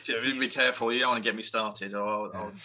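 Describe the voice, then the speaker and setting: A man's voice: lowish voice, fairly even intonation, fast talker, crowd noise. A man playing in a tabletop game, chatting playfully with jokey asides. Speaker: player. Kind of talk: casual chat.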